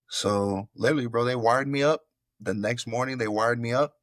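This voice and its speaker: A man's voice: mid-range voice, moderate pace, a bit bright, no room sound. A middle-aged man from Florida, a former football player, telling a story in a casual interview over a video call. He acts out quoted lines and often calls the host bro.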